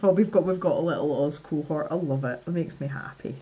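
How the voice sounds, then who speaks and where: A woman from the West Coast of Scotland with a softened West Coast Scottish accent, chatting casually on a livestream, laughing often and restarting her sentences. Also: deep voice, a little fast, breathy edge, highs cut off. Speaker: art livestream host. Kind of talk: casual chat reading live comments.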